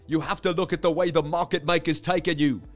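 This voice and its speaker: This is a man doing an upbeat crypto trader, his voice jumped well above its usual pitch and much louder. He calls out the charts in a sing-song lilt with a put-on accent, and faint music plays behind him. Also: fairly even intonation, fast talker, lightly acted. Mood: hyped.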